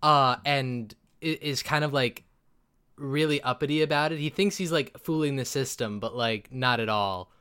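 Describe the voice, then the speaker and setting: A man's voice: mid-range voice, normal speed, bright, forceful tone, smooth, natural voice. A man voicing a smug male changeling quest-giver who talks in a flippant, offhand, teasing way.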